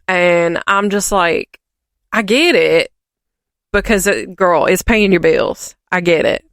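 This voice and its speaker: A woman's voice: on the low side, slow pace, dry recording, studio quality. A woman co-hosting a podcast, rambling and ranting in casual chat with lots of fillers. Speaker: podcast co-host.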